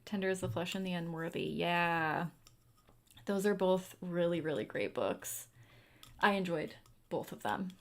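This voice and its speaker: Here a young woman runs a relaxed, talkative livestream and answers comments from viewers along the way. She speaks in a lowish voice at a slightly slow pace.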